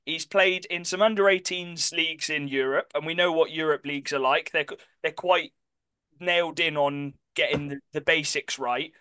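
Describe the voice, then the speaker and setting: Bright, crisp-voiced man. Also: fairly high pitch, steady tone, moderate pace, no echo. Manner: chatty, self-correcting, apologetic about pronunciation. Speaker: podcast co-host. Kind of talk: casual sports chat.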